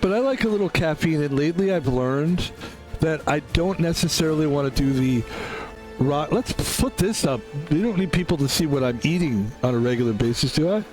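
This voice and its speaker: A hoarse man still nursing his voice back, rambling and self-mocking as he chats through a live game stream. His speaking pitch sits a little high for a man. Faint music plays behind him. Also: animated, fairly quick, a little mellow. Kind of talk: casual live-stream chat while gaming.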